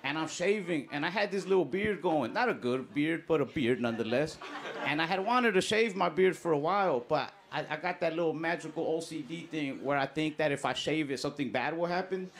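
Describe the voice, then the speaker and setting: A young man performing a stand-up comedy set, telling stories in a laid-back, deadpan way. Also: a little high, brisk. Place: comedy stage before a live audience. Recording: loud audience laughter.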